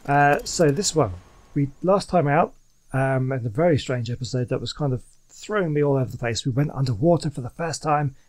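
A man's voice: medium pitch, fairly quick. Chatty man narrating his gameplay. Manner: chatty, rambling, many fillers and restarts, excitable. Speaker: let's play gamer. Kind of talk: casual gameplay commentary.

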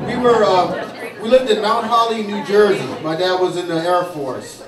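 A man working a saloon stage as a stand-up comic, rambling through his stories with fillers and restarts. His voice sits fairly high. The recording is distant and echoey, with a crowd audible around him. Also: normal speed. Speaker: stand-up comedian. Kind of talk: stand-up routine. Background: audience laughing.

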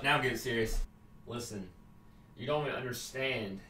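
A man's voice: medium pitch, wildly swooping pitch, measured pace, long pauses, distant mic. Young man trash-talking in a roomy echo. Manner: heated, brash, swings from yelling to mumbling. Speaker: gamer. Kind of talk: comedy skit, trash-talking over voice chat. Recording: roomy echo, voice set back from the mic.

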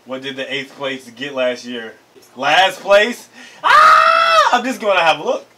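A man doing an excited, casual reaction commentary to an anime episode, hyped and slangy, laughing often. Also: mid-range voice, moderate pace, shouting, very noisy.

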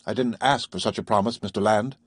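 A man's voice: medium pitch, expressive, no room sound, clean studio sound, natural voice. A man voicing a stern, secretive male submarine captain who speaks coldly and formally, in an audiobook reading. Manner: measured, commanding, coldly formal.

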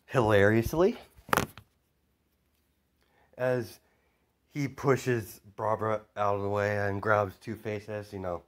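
A man with a fairly low voice rambles through a homemade story, stumbling over fillers and chuckling as he goes. The telling is loose and casual, not scripted. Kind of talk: improvised story narration.

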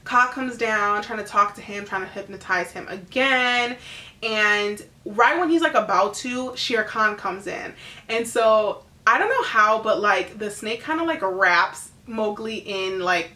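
Bright chatty woman in an echoey room. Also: mid-range voice. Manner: animated, acts out characters in quick impressions; chatty with many fillers. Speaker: vlogger recapping a movie. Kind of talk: casual chat.

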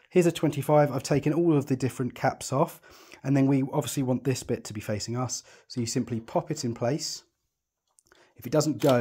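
The presenter's mid-range voice is dark with a breathy edge. He talks through setting up a telescope step by step while working, keeping a chatty, reassuring tone and often thinking out loud in this hands-on tutorial.

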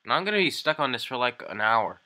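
A man's voice: medium pitch, very animated, bright, forceful tone. A man hosting a casual video, chatting and teasing in a playful way. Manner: playful, teasing, quick asides. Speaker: channel host. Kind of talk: casual joking chat.

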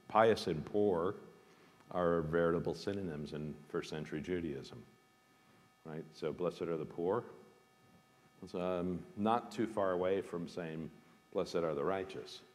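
A man with a very low voice gives an informal talk, thoughtful and emphatic, often pausing on fillers and restarting his phrases. His voice carries a long reverb, as in a large hall. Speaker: guest speaker, seminary dean. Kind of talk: informal lecture with questions.

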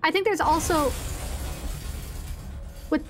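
Chatty young woman streamer, high voice. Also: slow, a bit bright, soft background music. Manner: chatty, swears, answers chat. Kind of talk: casual gaming stream chat.

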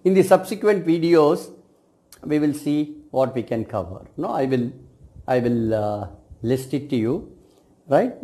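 A man, a cosmetic science lecturer giving a reflective video talk to his students, speaking in measured phrases that often end with "right?". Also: medium pitch, animated, warm tone.

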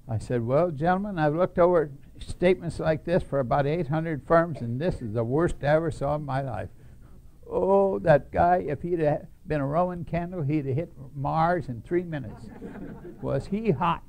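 A gravelly older man with a fairly high voice, telling an audience a story from his own life. He talks plainly and emphatically, calls a spade a spade, and laughs at his own punchlines. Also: animated, moderate pace, a little mellow. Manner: blunt, emphatic, chuckling at his own stories. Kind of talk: folksy storytelling talk to an audience.

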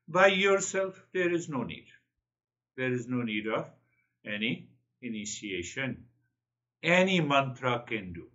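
Earnest spiritual teacher, slow. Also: male voice, mid-range voice, fairly bright tone, lo-fi sound. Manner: earnest, repeats key phrases. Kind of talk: spiritual talk.

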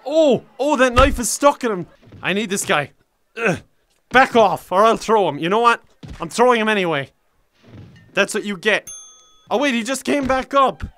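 A young man in his twenties with an Irish accent, giving joking, excitable gameplay commentary and often yelling and laughing. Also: high-pitched, moderate pace, pauses often. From Ireland. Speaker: gaming YouTuber.

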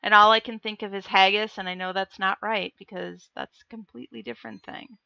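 Woman reading a book on stream, jokey asides to chat, bright voice, dry dull mic. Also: mid-range voice, steady tone, brisk, vocal fry, smooth, no room sound. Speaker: livestream book reader.

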